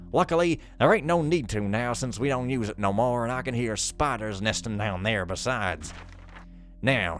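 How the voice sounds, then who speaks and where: A man's voice: medium pitch, close to an everyday voice. A man voicing a folksy, ungrammatical male sewer worker reading out a reassuring note during a game playthrough.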